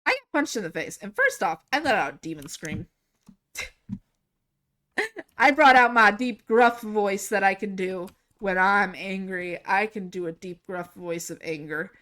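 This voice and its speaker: Gaming on stream, a young woman spins a casual, rambling story with plenty of animation, frequent laughter and frequent swearing. She speaks at a measured pace with a medium-pitched voice.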